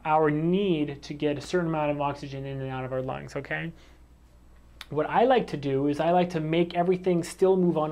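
A man's voice: fairly high pitch, a little mellow. A man teaching animation in a video lesson, standing in a room and talking to the camera, with frequent restarts and fillers, and yawning and short of breath. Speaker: animation instructor.

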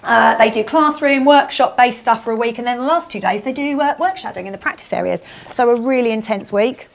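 Upbeat South London woman, fairly high voice. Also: creaky. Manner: upbeat, chatty, quick answers. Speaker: head of graduate recruitment. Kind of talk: casual walk-and-talk interview.

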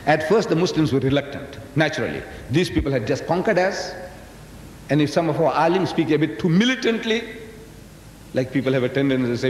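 Booming older South African man lecturing. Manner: animated, teasing, asks the audience questions; booming, carrying voice. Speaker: public speaker. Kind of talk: lecture to a live audience. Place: large hall. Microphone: PA microphone. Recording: echoey hall, faint background noise.

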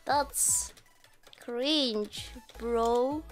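A woman streamer chatting casually on a live stream, excitable, swearing often and laughing between lines. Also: a little high, very slow, faint music behind. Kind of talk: casual livestream chat.

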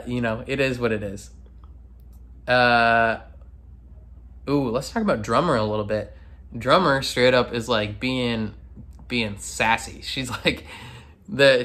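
A man's voice: medium pitch, a bit bright. Rambling man reacting to a show. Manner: rambling, laughs often, many fillers and restarts. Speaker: reaction video host. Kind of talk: casual reaction commentary.

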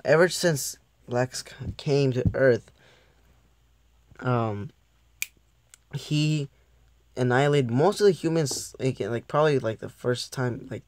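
A man's voice: medium pitch, a little mellow, no echo. A young man giving a casual, rambling episode review who often loses his train of thought and laughs at himself. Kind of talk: casual video commentary.

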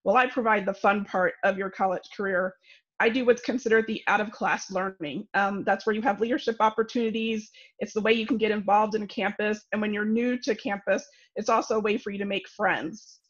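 A woman presents campus activities to new students in a friendly, chatty manner. Her voice has an ordinary pitch. The audio is dull and lo-fi, as from a video call. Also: steady tone, fairly quick. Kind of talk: virtual information session talk.

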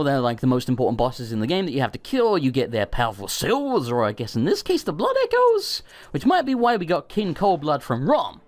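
A man giving excited gaming commentary, swearing and bursting out in panic as he plays. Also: on the high side. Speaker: let's play host.

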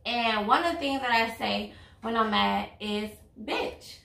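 A woman's voice: on the high side, a little slow, gravelly, a bit bright. A woman, talking bluntly and outspokenly in a casual couple chat over a meal. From Louisiana. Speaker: vlog host, girlfriend. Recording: echoey room, mic at a distance.

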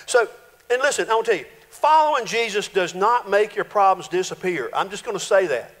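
A male pastor, preaching a folksy, animated sermon full of playful voiced quotes in a church sanctuary. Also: high voice, fairly quick. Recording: reverberant church hall.

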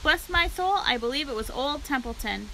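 Woman voicing a sarcastic, lazy storybook rat, complaining and mocking, bright tone. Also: high-pitched, lively intonation, moderate pace, slight background noise, voice pushed up, exaggerated voice, poor audio.

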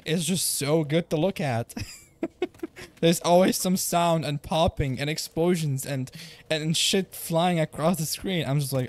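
A man's voice: fairly high pitch, unhurried. A young man streaming a video game from home, rambling casually, swearing and laughing often. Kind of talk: casual gaming livestream chat.

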